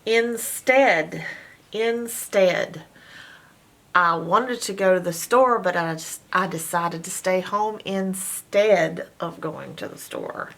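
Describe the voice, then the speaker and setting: A woman teaching a phonics lesson, slowly sounding out words and letters, with patient praise. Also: lowish voice, fairly bright tone.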